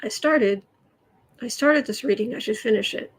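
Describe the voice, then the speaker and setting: A woman's voice: a little high, moderate pace, husky, rough recording. An American woman hosting a casual tarot livestream from home, reading out viewer comments as she chats. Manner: reads viewer comments, soothes her cat in soft murmurs. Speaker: tarot reader livestream host. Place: home room.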